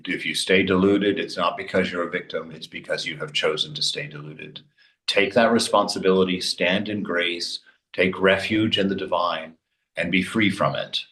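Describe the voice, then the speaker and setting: Forceful, low-voiced man preaching in an echoey room. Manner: forceful and exhorting, laughs between points. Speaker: spiritual teacher. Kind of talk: spoken religious commentary. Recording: roomy echo.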